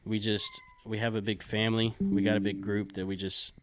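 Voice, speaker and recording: Laid-back low-voiced podcast guy. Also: flat delivery, brisk, slight background noise. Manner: loose, rambling, swears casually. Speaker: podcast co-host. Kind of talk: casual chat.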